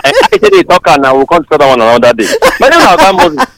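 A man with a Nigerian Pidgin accent, co-hosting a radio chat and explaining his points in a measured way. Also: a little high, rough recording. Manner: lively, measured explaining, proverbs. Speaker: radio co-host. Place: radio studio.

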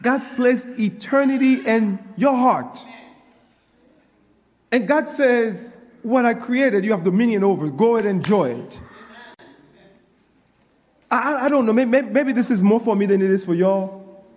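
A male pastor preaches in a high, ringing voice. He repeats his lines, calls out to the congregation and works himself up as he goes. The sound carries the long reverb of a church hall. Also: unhurried, pauses often. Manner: call-and-response preaching, repeats phrases, grows excited. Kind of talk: sermon.

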